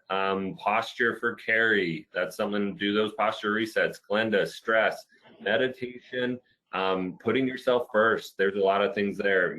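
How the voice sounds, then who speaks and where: A man's voice: lowish voice, bright, forceful tone, poor audio. A man hosting a physical therapy webinar, encouraging viewers and answering their comments in a casual, upbeat way.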